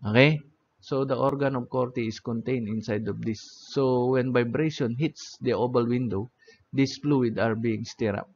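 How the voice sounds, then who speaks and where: A man's voice: medium pitch, normal speed, darkish tone, a little hiss or hum. A man teaching an anatomy lecture, often checking in with "okay?" and "no?". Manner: repeats "okay?" and "no?" checking on listeners. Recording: dull lo-fi audio.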